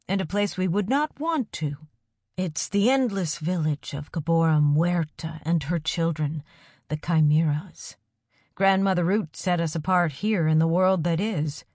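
A kind village teacher from a storybook, gentle and soft-spoken, turning nervous and halting under pressure, as a woman narrator plays him. His lines come slow and low, in a close, dry recording. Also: dry recording.

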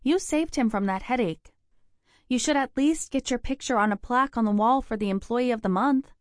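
A woman doing a bubbly young best friend in her twenties, lifting her voice higher and brighter for an upbeat, teasing, sing-song delivery. The audiobook recording is close and dry, with no room sound. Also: normal speed, no echo, lightly acted. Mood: playful. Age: 20s.

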